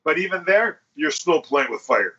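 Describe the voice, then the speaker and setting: A man on a podcast, telling a crude story in a casual and animated way, swearing and acting out what people said. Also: a little high, moderate pace, a little hiss or hum. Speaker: podcast host. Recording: dull lo-fi podcast audio.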